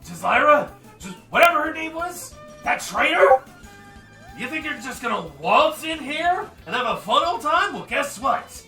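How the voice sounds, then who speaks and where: A man voicing a giant, furious metal scorpion construct that shouts threats in a high, loud voice. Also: very animated, a little slow, exaggerated voice. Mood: menacing. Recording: roomy and distant, music behind.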